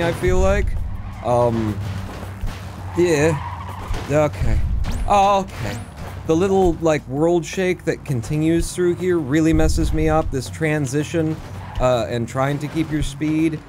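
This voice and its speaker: Male streamer, middle pitch, excitable live gameplay commentary, faint game music underneath. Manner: excitable, talks fast with sudden jumps in pitch. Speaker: speedrunner streamer.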